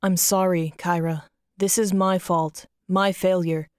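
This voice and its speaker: A grieving vampire count, proud but broken, speaks in a lowered, halting voice, read by a woman narrator. The voice is smooth and close to the mic, with no room sound. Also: flat delivery, darkish tone, no echo, lightly acted. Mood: remorseful.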